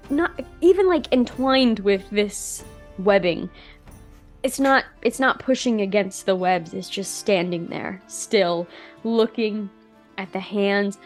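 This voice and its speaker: A woman game master narrating a tabletop scene in a casual, filler-heavy way. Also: mid-range voice.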